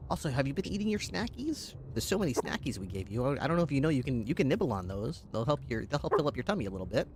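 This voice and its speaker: A man's voice: medium pitch, big pitch swings, very fast. A man roleplaying a police dog handler, chatting to his dog in a doting, chatty way and laughing often. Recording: game ambience and vehicle noise behind.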